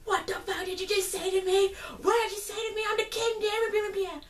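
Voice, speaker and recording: A spoiled, cruel teenage king throws a shrill, indignant tantrum, as a woman puts him on. The voice jumps well above her own and sounds distant and echoey in the room. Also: fairly even intonation, a little fast. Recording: roomy, distant from the mic.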